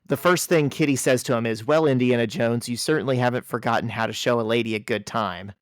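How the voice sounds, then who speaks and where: Man, podcast co-host, mid-pitched, dry close mic, animated comic-recap storyteller. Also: fast talker, no echo. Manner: animated storyteller, reads quoted lines in a lower voice. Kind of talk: casual podcast chat, reading comic dialogue aloud.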